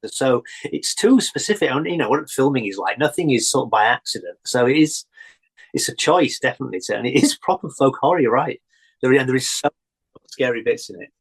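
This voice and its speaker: A man, a guest on a chat show, telling childhood stories in an animated way and laughing often. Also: medium pitch, a little fast, slightly rough, low-quality recording. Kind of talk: casual chat.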